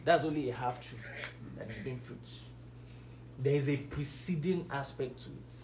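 A male preacher with a medium-pitched, darkish voice teaches the Bible conversationally at normal speed. He hits key words with building, rising emphasis and questions his listeners, waiting for responses. Roomy echo and faint background hiss are present.

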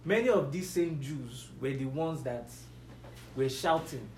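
A man's voice: a little high, unhurried, a little mellow. Male preacher, conversational Bible teaching, punches key words, roomy echo with faint background hiss. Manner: builds to emphatic, rising stresses on key words; asks the listeners questions, waits for replies.

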